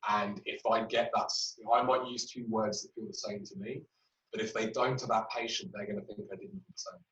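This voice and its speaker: A man's voice: on the low side, a little fast, a bit bright. A man teaching clinical communication skills in a webinar, explaining with patient examples and frequent fillers. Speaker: clinical trainer. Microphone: webinar recording. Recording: roomy, distant, dull audio.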